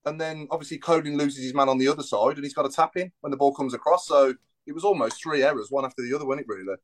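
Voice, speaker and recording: A man talking football on a casual podcast, rambling with plenty of fillers. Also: medium pitch. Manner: fast, rambling, lots of fillers. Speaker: podcast panelist.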